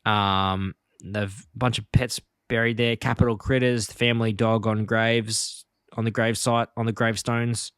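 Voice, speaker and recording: A man's voice: lowish voice, flat delivery, normal speed, a bit bright, smooth, dry recording, studio quality. A man co-hosting a podcast in casual chat, retelling episode plots in a rambling way with many fillers. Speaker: podcast co-host.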